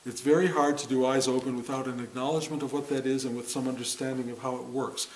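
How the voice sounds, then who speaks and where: A man over fifty speaks to a meditation class in an even, mid-pitched voice. He talks in a reflective, unhurried way, pausing often and correcting himself mid-phrase. A faint hiss of noise sits behind him. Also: poor audio. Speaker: meditation teacher. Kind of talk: spiritual talk to a class.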